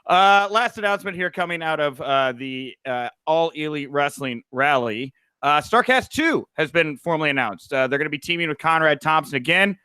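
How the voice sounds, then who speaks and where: In a smooth, fairly high voice at normal speed, with no room sound, a young man hosts a wrestling news podcast. He chats casually, telling animated stories and using "uh" a lot.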